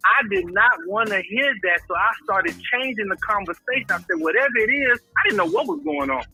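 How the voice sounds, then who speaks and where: A man's voice: sits high, big pitch swings, a little fast, breathy edge, soft background music, low-quality recording. A man giving an impassioned, preacher-like testimony, calling people brother and using religious phrasing. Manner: preacher-like, grows louder and intense. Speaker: guest recounting a friend's illness. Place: at home in Houston.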